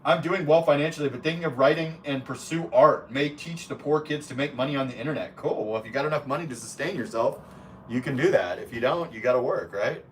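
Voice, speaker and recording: A man's voice: mid-range voice, fast, far from the mic, slight background noise. Blunt, profane male live streamer. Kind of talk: casual livestream reading chat comments aloud.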